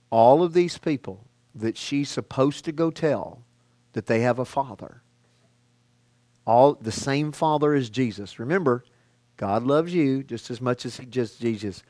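Male preacher, conversational sermon delivery with rhetorical questions, mid-pitched voice, dry close mic. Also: no echo. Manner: emphatic, rising and falling from loud to hushed.

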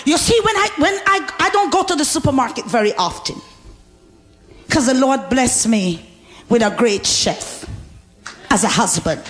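High-voiced woman preaching with fervor. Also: expressive, moderate pace, long pauses, soft background music. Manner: exuberant, shouting, laughing, call-and-response. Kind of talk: sermon.

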